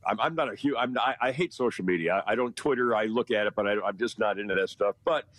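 An older man chats from home as the regular weekly guest on a morning talk radio show, rambling folksily and chuckling often. His voice is on the low side, fast and a bit bright, with no echo but a rough recording.

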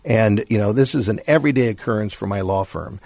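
A husky, gravelly man speaks as a guest on a finance talk show, telling a story from his past. He leans into the quoted lines, raising his voice for the other people in the tale. The sound is dry and close, with no room around it. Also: fairly low pitch, quick pace, no echo. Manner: animated anecdote telling, acting out quoted voices. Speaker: guest, bankruptcy attorney. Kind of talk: storytelling interview answer.

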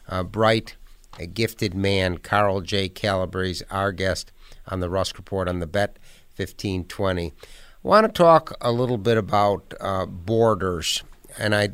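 A man hosts a radio talk show and poses measured, leading questions. His low voice is smooth and resonant. The studio sound is dry. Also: no room sound. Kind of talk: radio interview.

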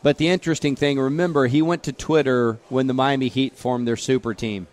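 Man, sports radio co-host, opinionated, slangy, brisk, average pitch. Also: steady tone, darkish tone. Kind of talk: casual sports talk radio banter.

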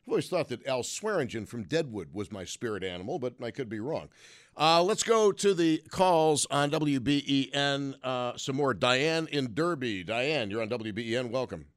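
A man's voice: medium pitch, lively intonation, normal speed. A man hosting a call-in radio show, musing wryly and asking probing questions of callers. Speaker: radio talk show host.

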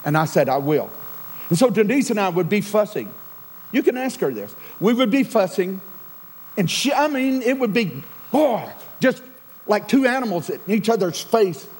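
High-voiced man preaching a sermon. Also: very animated, moderate pace, breathy edge, poor audio. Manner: dramatic swings from loud to near-whisper. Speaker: pastor.

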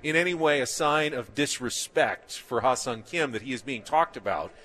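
A man co-hosting a sports talk show, explaining his views in a measured, emphatic way. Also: medium pitch, animated, fairly bright tone. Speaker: sports radio co-host.

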